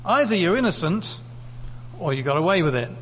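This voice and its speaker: A man from the UK with a high voice preaches in a very animated, fairly quick way, questioning the congregation as if in conversation. He uses a lectern mic in a church hall, and the recording is echoey with a faint hum.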